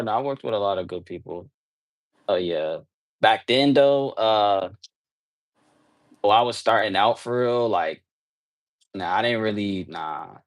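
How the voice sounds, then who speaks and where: Low-voiced young man rambling with slang. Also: dry recording. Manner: rambling, filler-heavy, slangy, restarts often. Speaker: underground rapper, interview guest. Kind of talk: casual interview answers.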